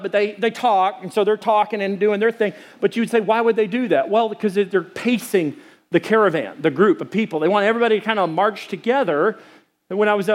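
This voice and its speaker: High-voiced joking male pastor. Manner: animated, joking, acts out quotes. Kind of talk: sermon. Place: church sanctuary.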